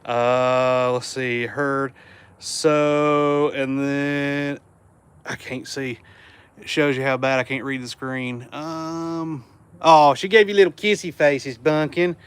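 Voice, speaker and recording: A man with a Southern US accent hosting a casual livestream from home, reading viewer comments and speaking gently to his dog. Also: medium pitch, fairly even intonation, takes it slowly, clear, resonant tone. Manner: easygoing, drops to a hushed murmur around his dog. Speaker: livestream host. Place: home room indoors.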